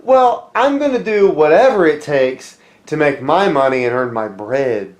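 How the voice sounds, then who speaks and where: A greedy male wrestling manager who speaks slowly with a smug, scheming edge, as a man does the voice. The pitch sits a little high. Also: lively intonation.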